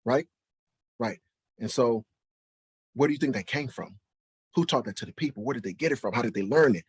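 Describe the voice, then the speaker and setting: A man's voice: mid-range voice, expressive, brisk, breathy edge, dry recording. A man preaching and teaching from the Bible, who fires rhetorical questions at his listeners and keeps checking in with "right?". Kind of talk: preaching to camera.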